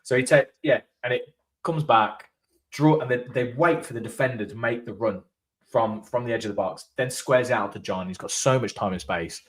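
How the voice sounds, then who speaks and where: In a relaxed match-reaction conversation, this fan channel co-host chats away and spins meandering stories. His pitch is medium and his pace normal.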